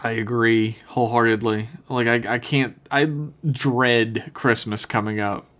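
A man's voice: medium pitch, little pitch movement, a little slow, fairly bright tone. A man co-hosting a podcast in casual chat, loose and profane as he reads listener emails. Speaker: podcast co-host.

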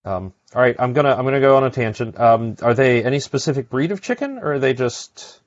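A man's voice: mid-range voice, expressive, fairly quick, no echo. A man hosting a podcast, chatting casually and rambling with lots of fillers and restarts. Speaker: podcast host. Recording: dry, dull lo-fi sound.

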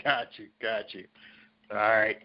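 A man's voice: lowish voice, level tone, a little slow. A man hosting a podcast, talking in a chummy, affectionate way with his guest. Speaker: podcast host. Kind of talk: casual podcast interview. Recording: dull lo-fi podcast audio.

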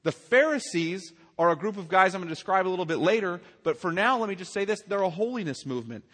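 A man's voice: high-pitched, lively intonation, fast talker, fairly bright tone, slightly rough, in a large hall. A man preaching a sermon as pastor, earnest and emphatic, asking his listeners questions. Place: church sanctuary.

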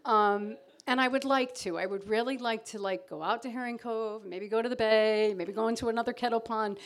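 Animated woman telling a story on stage. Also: fairly high pitch, a little fast. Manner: animated, self-mocking, acts out her own panic. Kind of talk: live storytelling performance. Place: stage before a live audience.

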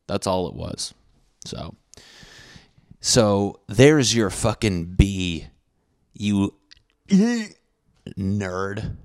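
A young man from Connecticut with a Connecticut accent, telling a rambling, profane, self-correcting comic story from his school days. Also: fairly low pitch. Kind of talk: casual comedic storytelling.

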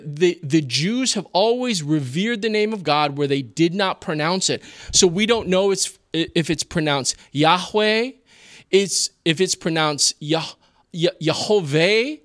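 A man preaching a sermon in an expressive, teaching manner with rhetorical questions. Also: sits high, dry recording, studio quality. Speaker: pastor.

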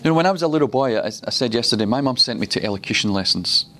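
A man from Glasgow giving a teaching sermon at a ministry school, telling stories and slowing down to repeat words for emphasis. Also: mid-range voice, lively intonation, fairly bright tone, a little hiss or hum. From Glasgow, Scotland.

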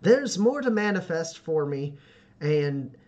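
A man's voice: on the high side, very animated, takes it slowly, a little mellow, muffled recording. A man doing a timid stammering young farmhand. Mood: earnest. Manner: stammering, unsure.

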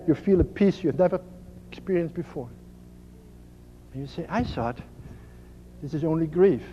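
A man giving a slow, earnest sermon as a priest, dropping to a soft hush on key phrases. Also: high-pitched. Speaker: priest and spiritual speaker. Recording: dull lo-fi archive recording in a reverberant hall.

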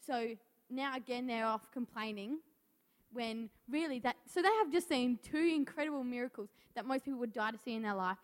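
A woman's voice: fairly high pitch, a little fast. A nervous young woman giving a church message, reading and stumbling over words. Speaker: youth speaker. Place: church hall. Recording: long hall reverb.

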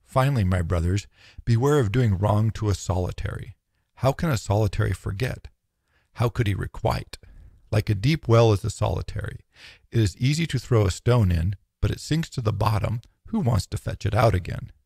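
Male audiobook narrator, low and gravelly, solemn measured delivery, dry close mic. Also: a little mellow, no echo. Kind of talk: audiobook reading of philosophy.

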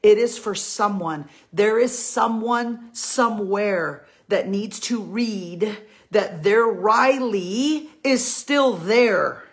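A woman of medium pitch speaks slowly, offering her women followers an earnest faith talk full of heart. She is a Christian encourager of women, and she pleads with them, repeating key lines for emphasis.

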